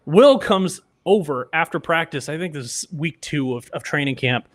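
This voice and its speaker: A man who works as a radio engineer, a guest on a sports podcast, telling anecdotes in a lively way and acting out other people's lines. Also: a little high, moderate pace, no room sound. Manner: animated anecdotes, acts out quoted voices. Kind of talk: casual storytelling.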